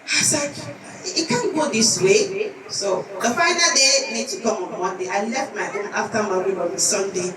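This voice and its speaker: A woman's voice: mid-range voice, normal speed, crowd noise. A woman gives an earnest teaching lecture and tells a story from her school. Her voice is picked up from across a reverberant hall. An audience is heard around her. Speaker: teacher giving a conference talk. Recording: echoey hall, distant mic, audience.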